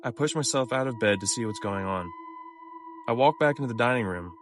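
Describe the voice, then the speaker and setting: A man reading scripted horror stories aloud in a measured, low-key way. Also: lively intonation, poor audio. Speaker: narrator. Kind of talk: scripted horror story narration. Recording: music clearly behind the voice.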